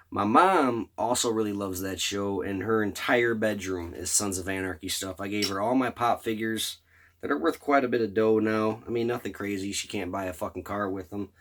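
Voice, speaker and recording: A vlogger with a lowish, slightly bright voice tells a long, rambling story to camera about a fan convention. He swears constantly and comes across enthusiastic and loose, as if chatting with regular viewers.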